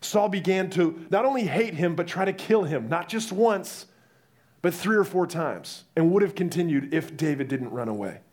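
A young man preaching a sermon, telling the story in a lively way and acting out the voices. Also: fairly high pitch, normal speed.

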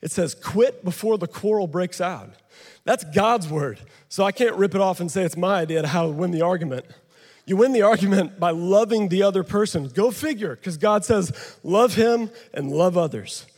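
A man preaches to a gathered audience, holding a handheld mic and joking with the crowd. His voice sits high and carries a long reverb from the big hall around him. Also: normal speed, darkish tone. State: out of breath. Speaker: pastor. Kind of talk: sermon with live demonstration.

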